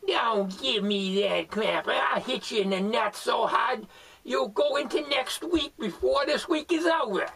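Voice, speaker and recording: A rude, bossy hillbilly grouch, as a man puts him on for a homemade comedy bit. The high, gravelly voice swings wildly, and he drags out his words while barking insults. It is heard from well back from the mic. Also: a little slow, a bit bright, full character voice. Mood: threatening. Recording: voice far from the mic.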